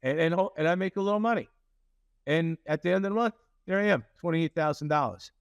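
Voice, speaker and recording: A man's voice: a little high, fast talker, no room sound, muffled recording. A man, a company CEO, telling a story in an interview with many fillers and restarts, acting out quoted lines.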